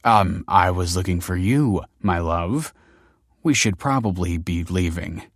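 A man's voice: low voice, a little slow, no room sound, clean studio sound. A man playing a flustered, hesitant father. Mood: tense. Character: anxious father sneaking about, hesitant.

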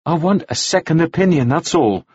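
A man reading an audiobook, voicing a defiant, quick-witted young woman with cool, clipped replies in a raised voice. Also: on the high side, animated, a little mellow, slightly rough, no room sound, highs cut off, pitched above the performer's own voice.

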